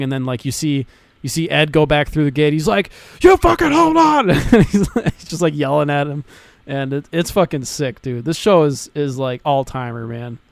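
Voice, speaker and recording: A young man co-hosting a podcast in casual chat, talking excitedly, swearing often and restarting his sentences. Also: mid-range voice, clear, resonant tone, dry recording. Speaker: podcast co-host.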